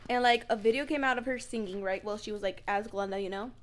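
A woman's voice: medium pitch, fast. A young woman co-hosting a podcast in casual chat, telling stories full of "like" fillers. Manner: chatty, lots of "like" fillers, animated storytelling. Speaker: podcast co-host.

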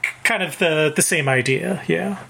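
A man with a somewhat raised voice walks through a story's background in relaxed podcast chat. He explains at length, leaning on "uh" and "you know" as he goes. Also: on the high side, normal speed, gravelly, slightly rough. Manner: explanatory, hedging with fillers. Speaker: podcast co-host. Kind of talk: casual book-club chat.

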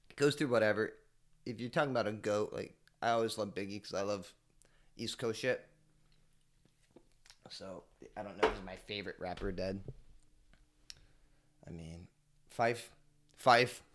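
A man of medium pitch hosts his podcast alone, chatting casually and telling stories. He's laid-back, rambling and profane, muttering asides and occasionally bursting out loudly.

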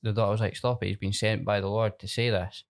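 A Scottish man retelling a story in a casual chat, soft-spoken and a little halting. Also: lowish voice, little pitch movement.

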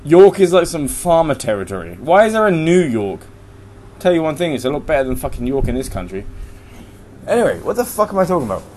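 A man's voice: fairly high pitch, sing-song, quick pace, darkish tone, slight background noise. A young man hosting a solo podcast from home, ranting in a profane, rambling, heated way. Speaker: podcast host. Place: room at home.

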